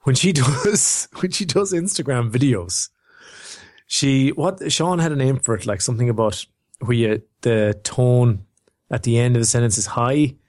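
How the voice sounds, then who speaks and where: A man's voice: medium pitch, measured pace, darkish tone. A young man, chatting and joking on a podcast, rambling with lots of filler words. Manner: rambling, jokey, full of "like" and "um". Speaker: podcast co-host. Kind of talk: casual chat.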